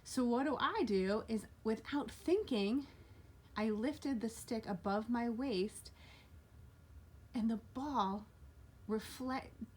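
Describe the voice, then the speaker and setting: A woman telling a personal story in the first person, animated and slowing down for key details. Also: fairly high pitch. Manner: animated, voice jumps up for quoted lines.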